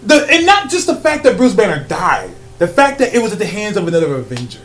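A man co-hosting a casual podcast chat, animated, laughing often and filling pauses with ums. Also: soft background music. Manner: rises loud and high when excited. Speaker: podcast co-host.

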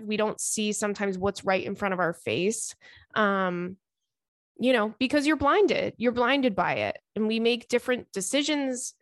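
A woman with a mid-range voice hosts an advice podcast, reading a listener's letter aloud before answering it earnestly and chattily, with plenty of fillers. The recording is dry.

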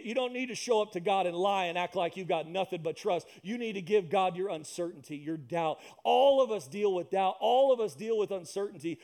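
A man's voice: very high voice, a little mellow. A man preaching a sermon in church, emphatic and repetitive, with asides and jokes to the congregation. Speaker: pastor. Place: church with loudspeakers.

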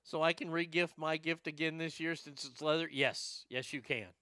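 Crisp bright-voiced man telling a rambling story. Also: on the high side, moderate pace, no echo. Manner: profane, rambling, animated storyteller. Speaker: comedian telling stories to a live chat. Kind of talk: storytelling stream chat.

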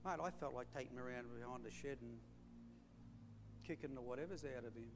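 In an echoey hall with a faint hum, a middle-aged Australian man with a mid-range voice preaches a little fast. The pastor's sermon is a folksy string of stories, and he addresses listeners as mate and friends.

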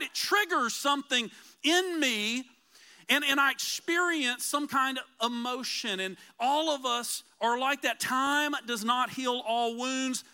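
A man preaching a conversational sermon as pastor, earnest and emphatic, slowing down to repeat key phrases. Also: extremely high pitch, bright, forceful tone.

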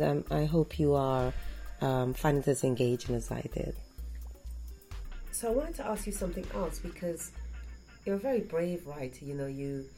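A woman hosts a radio interview in a chatty way with a few ums. Her voice is low and very dark. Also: low-quality recording.

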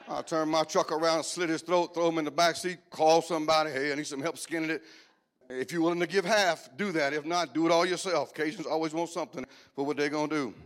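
High-voiced Cajun preacher man. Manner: joking, animated, breaking into shouts and whoops. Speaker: pastor. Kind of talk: humorous preaching.

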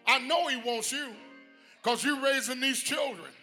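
A man preaching a sermon in a sing-song whooping style, shouting his climaxes and calling out to the congregation. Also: very high-pitched, measured pace, faint music behind. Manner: calls out to the congregation.

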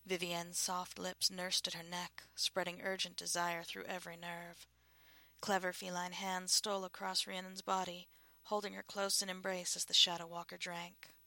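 Hushed, breathy woman narrator. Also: lowish voice, little pitch movement, moderate pace, no echo. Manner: hushed, breathy, often half-whispered. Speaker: audiobook narrator. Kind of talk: scripted narration.

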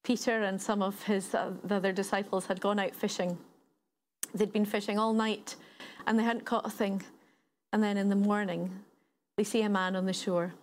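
A woman's voice: mid-range voice, flat delivery, normal speed, a little hiss or hum. A woman giving a sermon, retelling a story in a conversational way and building points through repetition. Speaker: preacher.

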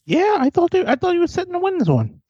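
A man co-hosting a wrestling podcast, reacting with quick, profane banter. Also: very high-pitched, huge pitch swings, darkish tone, no echo, dull audio. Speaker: podcast co-host. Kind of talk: casual wrestling chat.

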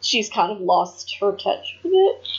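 A woman's voice: mid-range voice, sing-song, unhurried. Female co-host, casual frank chatter with cursing, lo-fi podcast sound. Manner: frank, profane, trails off and restarts. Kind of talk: casual chat about wrestling. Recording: dull lo-fi podcast audio.

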